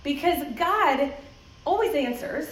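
A woman's voice: high voice, slow, slight background noise. A woman giving a church talk about children's ministry, telling stories with frequent laughter and acting out the voices of people she quotes. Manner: lively, laughs often, acts out voices in quotes. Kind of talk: talk to a church audience, with anecdotes. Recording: roomy echoey hall sound.

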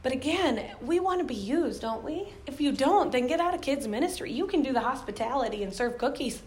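Middle-aged woman ministry speaker; candid, anecdotal, laughing easily, a touch high-pitched. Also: animated, fairly quick, darkish tone. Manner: candid, storytelling with frequent laughs. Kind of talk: motivational talk to volunteers.

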